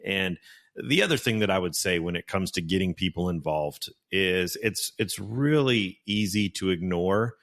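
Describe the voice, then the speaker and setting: Very deep-voiced earnest podcast host. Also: male voice, normal speed, fairly bright tone. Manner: earnest, giving practical advice. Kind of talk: casual podcast conversation.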